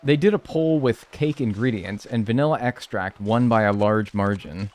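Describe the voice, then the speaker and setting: A man's voice: on the low side, moderate pace, darkish tone, soft background music. A man streaming live, chatting casually and joking as he reads and answers his chat.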